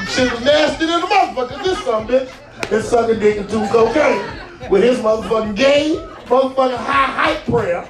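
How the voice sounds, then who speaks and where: A man in his forties telling a profane stand-up story, animated and laughing as he goes. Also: very high-pitched, normal speed, crowd noise, background noise. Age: 40s. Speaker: stand-up comedian. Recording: roomy hall, distant mic, faint music.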